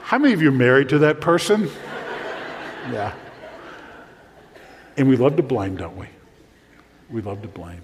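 A male pastor preaching a sermon, asking the listeners questions and swinging between urgent emphasis and a hushed, near-whispered voice. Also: mid-range voice, very animated, normal speed, pauses often, slight background noise. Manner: preaching with rhetorical questions and sudden drops to a hushed voice. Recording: long reverb of a large hall.

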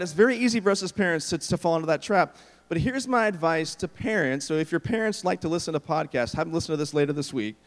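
A middle-aged pastor preaches a sermon in a somewhat high voice. He tells stories with animated delivery and acts out the quotes. His voice carries a long reverb from a large hall. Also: quick pace.

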